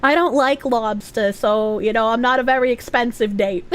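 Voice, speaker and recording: A woman's voice: fairly high pitch, animated, takes it slowly. A young woman with a Boston accent chatting casually on a live stream, rambling, giggly and swearing freely.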